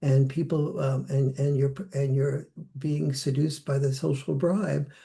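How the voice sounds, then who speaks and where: A man's voice: mid-range voice, flat delivery, unhurried, vocal fry, dark tone. An older man speaking reflectively as a podcast guest, now and then acting out the voices he quotes. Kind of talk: conversational interview.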